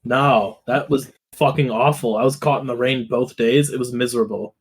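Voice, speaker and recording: A man's voice: medium pitch, fairly even intonation, moderate pace, slightly rough. A young man co-hosting a podcast, telling rambling, profane stories that drift into rants. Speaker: podcast co-host. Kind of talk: casual chat.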